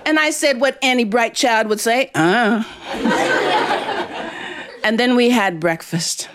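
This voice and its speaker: Woman storyteller, unhurried delivery, sings spirituals with a live audience. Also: a little high, crowd noise, noisy background. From Ohio, United States. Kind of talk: live storytelling with call-and-response singing.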